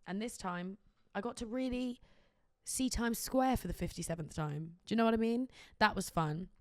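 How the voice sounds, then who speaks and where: A woman hosting her own podcast, chatting casually and telling animated stories with lots of laughter. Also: mid-range voice, moderate pace, dry recording. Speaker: podcast host. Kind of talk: casual chat.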